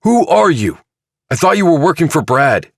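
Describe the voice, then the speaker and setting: A man's voice: lowish voice, normal speed, dry recording, clean studio sound, voice pushed up, close to an everyday voice. A cornered, defensive young man, voiced by a male narrator. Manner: tense, defensive, snapping. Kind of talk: audiobook dramatization.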